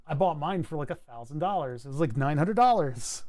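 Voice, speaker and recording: Man, live streamer, casual chat, slightly high voice, rambling, wry asides. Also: expressive, fairly quick, few pauses, darkish tone. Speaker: PCB design streamer.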